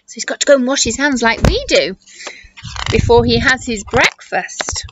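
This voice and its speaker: A teacher reading a picture book aloud to children in an animated way, gasping and asking questions. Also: female voice, fairly high pitch, moderate pace. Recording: muffled recording with hiss.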